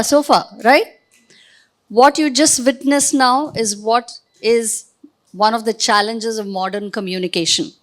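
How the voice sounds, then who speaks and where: A woman running an interactive training session for a live audience, giving directions and quizzing them with quick questions. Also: on the high side. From India. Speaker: workshop trainer. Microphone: podium microphone.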